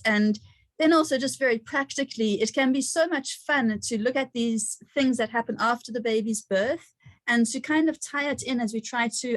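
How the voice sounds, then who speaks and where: A woman's voice: a little high, no room sound. A woman hosting an online gathering, sharing personal stories in a chatty way with frequent laughter and fillers.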